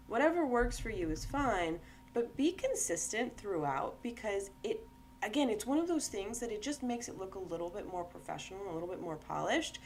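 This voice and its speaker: A woman's voice: mid-range voice, a little hiss or hum. A woman, founder of a game-making tool, giving a casual screen-share tutorial, chatty and often checking in with "right?".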